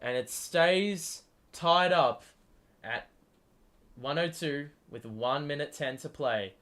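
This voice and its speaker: His voice a little higher than most men's, a stream host calls a basketball game live for his audience. He addresses the players directly, cursing at annoying plays and surging when shots fall, excitable throughout. It's fast, rough-edged play-by-play blended with fan ranting.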